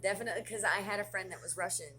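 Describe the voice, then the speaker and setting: A woman chatting casually as a friend, relaxed and easygoing. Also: medium pitch, racing, a little hiss or hum. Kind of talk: casual chat.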